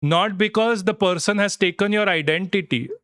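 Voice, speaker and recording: A man's voice: sits high, normal speed, fairly bright tone, no echo, clean studio sound. A man hosting a casual live stream, talking in a rambling, reassuring way and swearing now and then. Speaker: livestream host.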